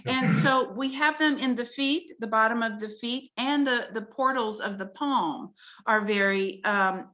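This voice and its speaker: Female guest, clear and slightly high, earnest and awed as she walks through slides. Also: a little slow, sharp tone, dull audio. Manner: earnest, wonder-filled explaining. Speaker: guest presenting her research. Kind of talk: explanatory talk-show conversation with slides.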